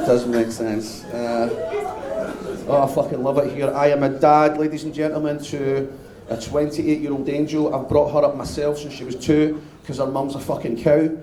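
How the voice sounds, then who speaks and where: A Scottish man in his fifties doing a live stand-up routine, brash, sweary and loud as he banters with the crowd. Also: medium pitch, flat delivery, moderate pace, heavy background noise. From Scotland. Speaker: stand-up comedian. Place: live comedy venue. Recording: echoey live venue sound.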